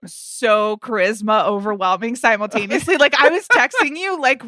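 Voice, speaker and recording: A woman co-hosting a casual podcast chat, talking quickly with playful asides. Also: a little high, animated, pushed and bright, no echo, clean studio sound. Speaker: podcast co-host.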